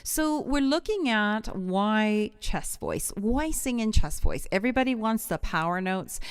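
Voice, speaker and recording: A woman's voice: medium pitch, clean tone, dry recording. Chatty middle-aged woman voice coach. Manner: chatty, digressive, warmly enthusiastic. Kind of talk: live-streamed singing lesson.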